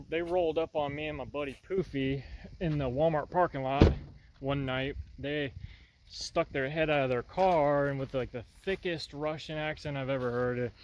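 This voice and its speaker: A man talking casually about his project in a workshop vlog, rambling and folksy. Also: on the high side. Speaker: vlogger.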